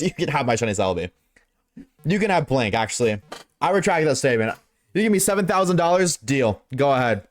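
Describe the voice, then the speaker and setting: A young man streaming live, reading chat and reacting in a casual, slangy, excitable way, swearing freely. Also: a little high.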